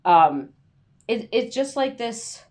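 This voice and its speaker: A woman's voice: on the high side, sing-song, takes it slowly, a little mellow. A woman giving a casual livestream talk on freelance writing, chatty with many fillers, acting out anxious inner voices.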